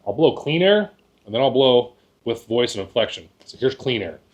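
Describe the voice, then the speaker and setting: On lo-fi sound, an animated, mid-range voice explains goose calling to hunters at a moderate pace. This instructor keeps it casual and folksy, often repeating words and asking "right?".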